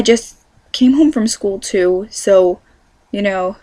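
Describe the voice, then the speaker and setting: A woman's voice: medium pitch, slow, mellow, dry recording. A chatty young woman with a Californian accent talks casually to camera, wandering from thought to thought and correcting herself as she goes. She is a vlogger in her teens, recording in her bedroom with a dry, close sound. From California, USA. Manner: chatty and rambling, many fillers and self-corrections.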